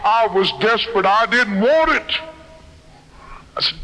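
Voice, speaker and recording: A man's voice: sits high, animated, measured pace, bright, forceful tone, rough recording. A man sharing a personal testimony with a live audience in a folksy, earnest storytelling way. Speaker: speaker sharing his testimony.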